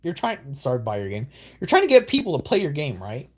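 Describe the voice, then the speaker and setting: A young man giving excitable, rambling gameplay commentary with exaggerated outbursts. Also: fairly high pitch, fast talker, breathy edge. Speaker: gaming YouTuber.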